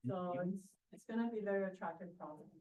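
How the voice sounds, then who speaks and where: A woman's voice: medium pitch, fast talker, warm tone, far from the mic, dull audio. A woman realtor speaking up in an office meeting, chatty and loose, with small hesitations. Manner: chatty, laughs between phrases. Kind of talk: casual meeting remarks. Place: large meeting room. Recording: echoey room, heard from afar.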